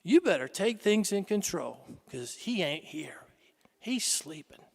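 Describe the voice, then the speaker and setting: A scheming devil murmurs doubts in a low, taunting half-whisper, as a priest puts him on. The voice carries a long church echo around it. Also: male voice, lively intonation, unhurried. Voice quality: hushed, taunting. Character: sly whispering male devil, tempting. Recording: reverberant church hall.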